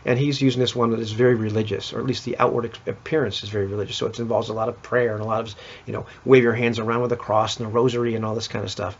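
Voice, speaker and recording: A man's voice: mid-range voice, little pitch movement, racing, vocal fry, slightly rough. A man casually recapping a tabletop game session, rambling with many restarts. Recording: dull lo-fi recording.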